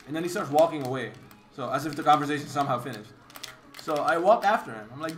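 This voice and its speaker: A man's voice: fairly high pitch, fast talker, faint music behind. Exasperated young man ranting about his week. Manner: animated and exasperated, swears freely, mimics others in dialogue. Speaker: competitive gamer streamer. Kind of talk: casual storytime rant.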